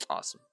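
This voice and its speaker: A man chatting casually with viewers on a live stream while he paints miniatures. He is sleepy and slurs his words, talking in a relaxed, rambling way.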